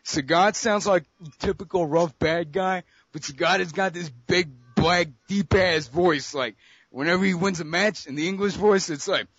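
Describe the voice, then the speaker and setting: Young dude ranting about fighting games, cusses a lot, kinda high voice, dry muffled audio. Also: male voice, normal speed, fairly bright tone, husky, dry recording. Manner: profane, brash, opinionated. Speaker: friend in a gaming chat. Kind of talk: casual chat. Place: abroad in Costa Rica.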